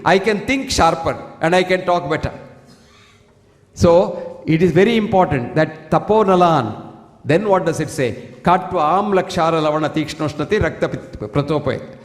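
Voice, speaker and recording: A high-pitched man with an Indian English accent lectures emphatically and in a preachy way, reciting Sanskrit verses between points. His voice rings through an echoey hall with a long reverb tail. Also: moderate pace. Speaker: doctor giving a health lecture. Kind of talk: public health lecture. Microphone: single fixed stand mic.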